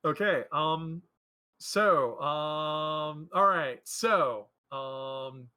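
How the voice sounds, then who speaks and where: Hesitant bright-voiced man running a game. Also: fairly high pitch, very slow, clear, resonant tone. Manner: hesitant, many fillers, laughing often. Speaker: game master.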